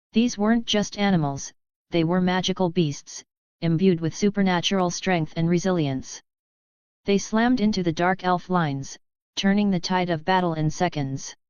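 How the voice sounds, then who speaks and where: A woman narrating a fantasy audiobook with steady, scripted delivery. Her voice sits low and is smooth, recorded close and dry with a slightly muffled sound. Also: unhurried, no room sound. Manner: steady storytelling.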